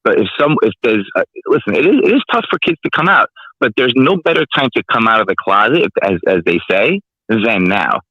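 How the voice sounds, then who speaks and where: Low-voiced male caller over a dull line. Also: sing-song, fairly quick, breathy edge, no echo. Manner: blunt, opinionated, matter-of-fact. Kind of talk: casual call-in chat. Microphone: phone line.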